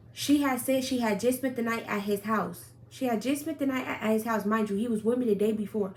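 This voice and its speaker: A young woman telling a story about her relationship in a casual vlog, blunt and profane, with sudden loud outbursts. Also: a little high, slight background noise. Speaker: storyteller vlogger.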